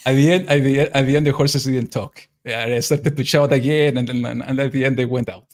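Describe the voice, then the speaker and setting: A man's voice: medium pitch, fairly even intonation, moderate pace. A man sharing a story in an online Bible study discussion, talking hesitantly with many restarts over a video call.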